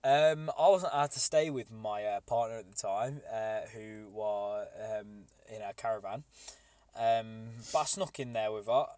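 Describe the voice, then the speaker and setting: A man's voice: on the low side, a little slow, a little mellow, no room sound. A young man, co-hosting a podcast and telling a long, rambling story with casual swearing. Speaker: podcast co-host.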